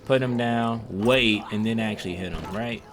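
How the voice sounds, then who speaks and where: A man's voice: on the low side, moderate pace, noisy background. Slangy young man narrating gameplay. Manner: slangy, profane, self-mocking storytelling. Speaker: gameplay commentator. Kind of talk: casual gameplay commentary.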